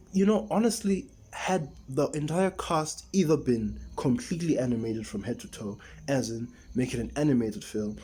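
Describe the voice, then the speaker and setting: A man's voice: medium pitch, warm tone. A man giving a casual, rambling film review, exasperated and full of restarts and rhetorical questions.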